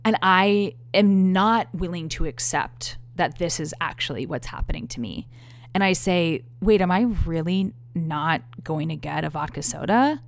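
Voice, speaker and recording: A woman in her thirties with a low, gravelly voice, chatting straight to her viewers. She tells her story candidly and with exasperation, and she swears freely. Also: expressive, a little slow. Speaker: vlogger. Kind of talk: casual storytelling to camera.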